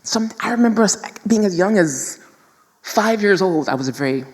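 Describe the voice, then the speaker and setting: A woman's voice: medium pitch, lively intonation, moderate pace, darkish tone, long reverb tail. A woman from New York City speaking as a panel guest, telling candid, emphatic stories to a live audience. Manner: candid, emphatic storytelling, addresses audience as y'all.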